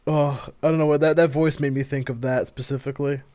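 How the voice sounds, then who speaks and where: A man co-hosting a casual podcast, joking around with gamer slang and quick bursts of laughter. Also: a little high, fairly even intonation, darkish tone, no room sound. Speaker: podcast co-host.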